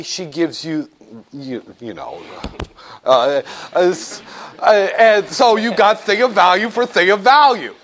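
A man teaching business law to a class, joking and acting out little scenes as he lectures. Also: high voice. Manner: animated, jokey, acts out little scenes.

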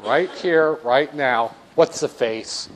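A man's voice: mid-range voice, slow pace, slight background noise. A man giving a classroom finance lecture, wry and joking, acting out little scenes for his students.

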